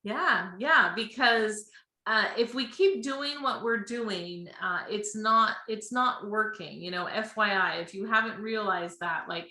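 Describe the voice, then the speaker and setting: A woman's voice: mid-range voice, measured pace, bright, forceful tone. A woman guest talking earnestly and chattily about her work as a financial advisor, laughing readily on a remote live-stream call. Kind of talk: casual interview. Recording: echoey room.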